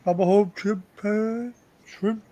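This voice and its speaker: A man hosts a relaxed livestream chat, trading jokes and laughing along. His voice sits high for a man. He talks easily, in a loose and unscripted way. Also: takes it slowly. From Australia. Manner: joking, tells jokes and laughs. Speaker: livestream host. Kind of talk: casual chat.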